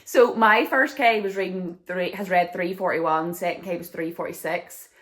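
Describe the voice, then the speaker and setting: A woman's voice: lowish voice, normal speed, a bit bright. A young adult woman vlogging to camera in a casual, chatty way, full of filler words.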